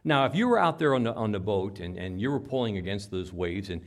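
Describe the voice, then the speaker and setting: A man preaching a sermon, telling the story dramatically and acting out cries, whispers and shouts. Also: on the low side, lively intonation, brisk. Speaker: pastor.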